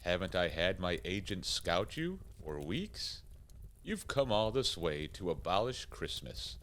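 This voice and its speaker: A man voicing a calm, wise Santa Claus in a rhyming radio play, gently lecturing. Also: low voice, measured pace, heavily acted. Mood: amused calm.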